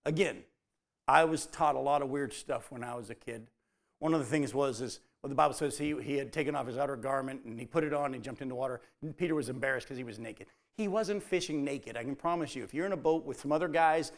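Guy preaching, raspy fry in his voice, does little voices for the people in the story. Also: medium pitch, quick pace. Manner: storytelling, acts out the quoted lines in dialogue. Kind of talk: sermon.

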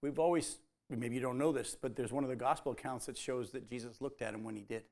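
A man's voice: medium pitch, steady tone, quick pace, creaky, a little mellow. A man preaching a sermon, telling the story and acting out the quoted lines as dialogue.

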